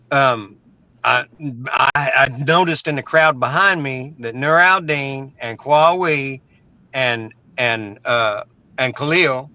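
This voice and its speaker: A man's voice: mid-range voice, bright, forceful tone, smooth, dry recording, rough recording. A middle-aged man from Oklahoma, a guest telling a story in a casual, blunt, profane way, often stumbling and repeating words. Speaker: interview guest.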